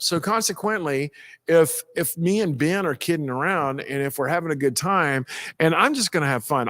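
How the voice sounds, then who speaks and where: A man's voice: a little high, no room sound. A man, a pastor, telling stories in a folksy, rambling way and acting out the people he quotes. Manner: animated, acts out quoted people with a raised voice. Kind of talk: casual storytelling talk.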